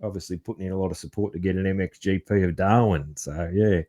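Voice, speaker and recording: An Australian man hosting a podcast, talking in a relaxed, rambling way with lots of fillers and calling his guest man. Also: sits low, quick pace. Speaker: podcast host. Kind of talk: casual interview chat.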